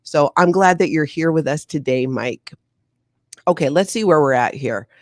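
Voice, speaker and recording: A woman's voice: sits low, moderate pace, no room sound, studio quality. Chatty woman hosting a livestream. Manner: chatty, animated, laughs often. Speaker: livestream host. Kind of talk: casual livestream chat.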